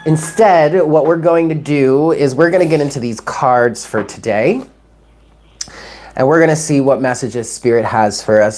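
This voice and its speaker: A woman giving a live-streamed tarot reading, chatting warmly with viewers in the chat and moving into spoken prayer and affirmations. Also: very deep voice, measured pace. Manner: chatty and affectionate, reads chat names aloud. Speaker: tarot reader.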